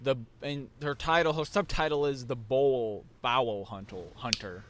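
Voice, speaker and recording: A man's voice: mid-range voice, moderate pace, fairly bright tone. A young man hosting a casual chat, rambling through a recap with many restarts and fillers. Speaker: podcast host.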